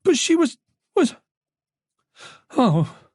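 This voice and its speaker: A woman's voice: sits high, sing-song, extremely slow, a little mellow, no room sound, studio quality, pitched above the performer's own voice, exaggerated voice. A narrator voicing a shaken young woman detective who speaks urgently and breaks toward sobs. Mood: frantic.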